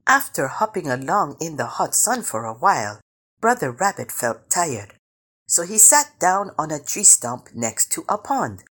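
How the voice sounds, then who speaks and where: A woman reading a children's picture book aloud, slow and expressive. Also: low voice, husky. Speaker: storyteller.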